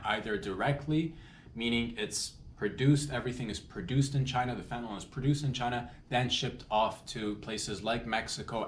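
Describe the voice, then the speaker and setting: A Canadian man hosting a comedy podcast, rambling through a loose solo monologue with lots of restarts and jokey asides. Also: medium pitch. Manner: meandering, self-correcting, loose and jokey. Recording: echoey room with faint noise.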